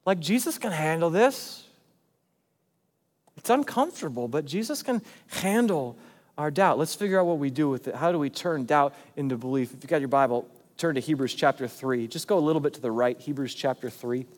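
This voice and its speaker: Higher-voiced pastor preaching in reverberant church. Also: male voice, expressive, a little fast. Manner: conversational, emphatic preaching with big swings in loudness. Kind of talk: sermon.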